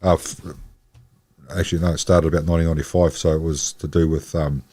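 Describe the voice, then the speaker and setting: A man's voice: very deep voice, level tone, fast talker, warm tone. An older man, a guest in a casual chat, telling rambling anecdotes about his old job.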